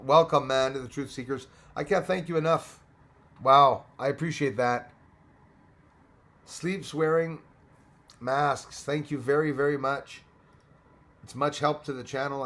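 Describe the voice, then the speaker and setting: A man's voice: fairly high pitch, a bit bright. A man from Canada hosting a casual livestream, chatty, thanking viewers by name and laughing often. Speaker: livestream host.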